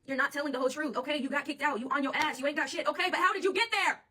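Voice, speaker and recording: Tarot reader, woman, AAVE, quick and sharp-toned, mic set back a bit. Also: high voice, recorded from a distance. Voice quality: blunt and profane, laughs often. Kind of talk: channeled tarot reading monologue.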